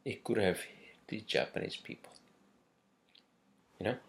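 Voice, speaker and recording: Low growly guy ranting, slow drawl, swears nonstop, rambles all over. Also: expressive, gravelly. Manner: profane, rambling, emphatic. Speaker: podcast host. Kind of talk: casual ranting monologue.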